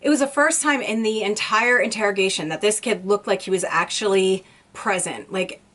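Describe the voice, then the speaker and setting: A woman's voice: medium pitch, normal speed, fairly bright tone. Chatty woman retelling a crime story. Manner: rambling, restarts, frequent "like". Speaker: YouTuber. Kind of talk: casual true crime storytelling.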